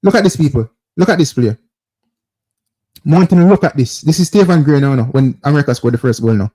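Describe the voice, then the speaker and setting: A man's voice: on the high side, expressive, brisk, warm tone. A man with a Jamaican accent hosting a football call-in show, insistently breaking down plays over footage and calling out to viewers. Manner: repetitive, insistent, keeps addressing viewers as people.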